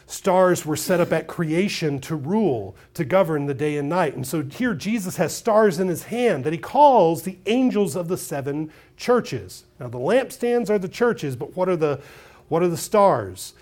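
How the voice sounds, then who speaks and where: A man preaching a sermon on scripture, building from steady teaching to loud emphatic peaks, repeating words as he restarts. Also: on the high side, unhurried.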